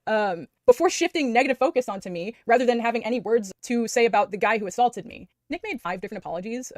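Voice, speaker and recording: A woman's voice: a little high, animated, a little mellow, no room sound, clean studio sound. A woman in a played video clip, reading out a prepared statement with filler ums. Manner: rapid recitation with filler ums.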